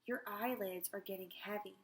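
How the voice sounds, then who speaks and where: A woman voicing a calm, sly male psychiatrist who hypnotizes his patient, speaking slow, soothing instructions in a storybook read-aloud. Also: medium pitch, close to an everyday voice.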